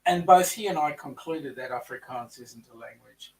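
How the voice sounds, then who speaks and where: A male co-host with a mid-range voice and a South African-tinged Australian accent chats at normal speed on a live stream, reading out viewer comments. He's far from the mic in a low-quality recording.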